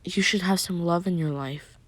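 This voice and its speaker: A man voicing a clingy teenage girl who speaks in a soft, hushed half-whisper. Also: high voice, moderate pace, no room sound. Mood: tender.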